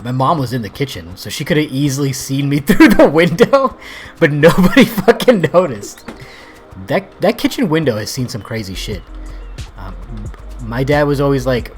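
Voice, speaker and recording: A man in his thirties telling rambling, profane childhood stories while playing a game, laughing as he goes. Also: mid-range voice. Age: 30s. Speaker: gaming video host. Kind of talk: casual storytelling over gameplay.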